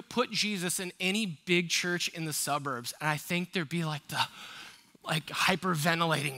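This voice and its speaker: In a church sanctuary, a man preaches a sermon as pastor, his voice on the high side with a sharp tone at normal speed. He's emphatic yet conversational, posing rhetorical questions to the congregation.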